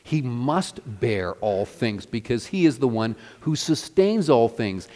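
A man's voice: medium pitch, very animated, slow pace, few pauses, dark tone. A man preaching a sermon as pastor, earnest and emphatic, building and easing his intensity. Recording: long reverb of a church hall.

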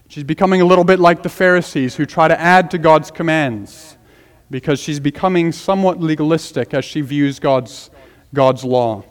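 High-voiced preacher in a reverberant hall. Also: male voice. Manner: earnest, emphatic repetition of key phrases. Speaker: pastor. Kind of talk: expository sermon.

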